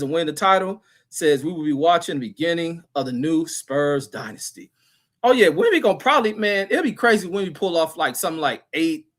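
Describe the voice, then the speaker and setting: A man's voice: a little high, fairly bright tone. Profane man ranting on livestream. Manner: loose, profane, repeats himself, trails off reading comments. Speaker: livestream host reading chat. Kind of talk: casual profane sports rant.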